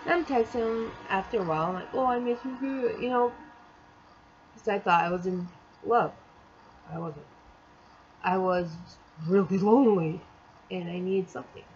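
A woman's voice: fairly low pitch, moderate pace, pauses often, darkish tone, muffled recording, a little hiss or hum. Exasperated woman rambling through a story. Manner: rambling and exasperated, acts out quotes. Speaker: vlogger. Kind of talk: storytime vlog, casual chat.

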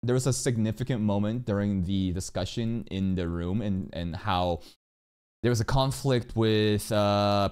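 A low-pitched man streaming a casual reaction, talking through what he watches. He swears freely, and his voice shoots up into loud, excited rants. Then it drops back into an easygoing explanation. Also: smooth.

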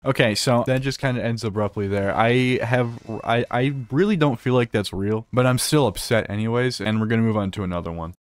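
A man's voice: mid-range voice, brisk, few pauses. A man hosting a reaction video, ranting angrily with lots of swearing and stumbling restarts. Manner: heated, profane, stumbling restarts. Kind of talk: angry ranting commentary.

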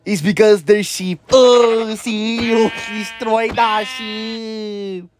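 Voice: medium pitch, steady tone, drawn-out words, slight background noise. A narrator of a comedy video giving repetitive scolding commentary over gameplay, repeating the same warnings over and over.

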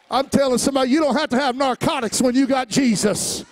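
A male pastor preaching a sermon, moving between quiet personal storytelling and shouted, rising refrains, with easy laughs along the way. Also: very high-pitched, moderate pace, a faint crowd. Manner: laughs easily between lines.

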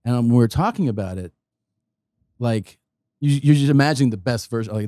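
A man's voice: mid-range voice, fairly quick, warm tone, no room sound, studio quality. A middle-aged man, a guest comedian, telling stories in casual podcast chat, acting out other people's lines, swearing and laughing as he talks.

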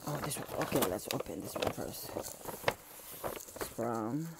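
Low, slow, mellow-voiced woman vlogger. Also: lively intonation, heavy background noise. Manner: emotional and gushing, laughs often. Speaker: channel founder. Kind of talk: casual unboxing chat.

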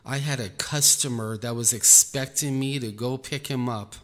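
A man, a Christian minister, telling a personal testimony in an earnest, halting way, repeating words as he goes. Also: mid-range voice, fairly bright tone. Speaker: Christian minister recounting an experience. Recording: echoey room, faint music behind.

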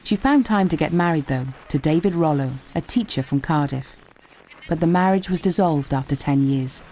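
Low, mellow woman narrating. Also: lively intonation, moderate pace, a little hiss or hum. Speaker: documentary narrator. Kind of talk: scripted narration.

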